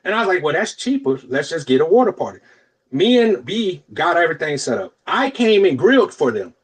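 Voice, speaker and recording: Fairly high-pitched, fairly quick and a bit breathy, this young male podcast co-host narrates a long story in casual, profane talk. He stays animated, doing voices for the people he quotes.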